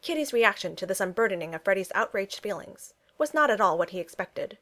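A woman narrates a period audiobook in a measured storytelling way. Her pitch moves freely, giving the reading an animated lilt.

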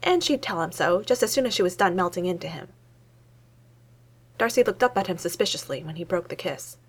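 Woman reading a story aloud, expressive. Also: lowish voice, a little fast. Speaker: narrator. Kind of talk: reading fan fiction aloud.

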